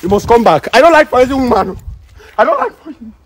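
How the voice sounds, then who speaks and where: A man's voice: very high-pitched, big pitch swings, fast talker, breathy edge. A Nigerian man acting out a dramatic, emotional prank skit outdoors.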